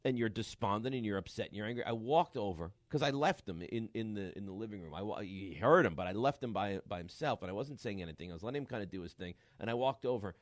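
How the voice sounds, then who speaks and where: A man's voice: lowish voice, no echo, clean studio sound. A middle-aged man hosting sports talk radio, chatting casually and acting out family stories. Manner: animated storyteller, acts out family quotes. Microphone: studio microphone.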